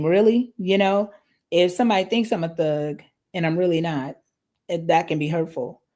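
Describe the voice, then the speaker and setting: A woman's voice: fairly low pitch, a little mellow. A woman hosting a live parenting podcast from the United States, talking conversationally and often checking in with "right?". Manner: conversational, frequent "right?" tag questions.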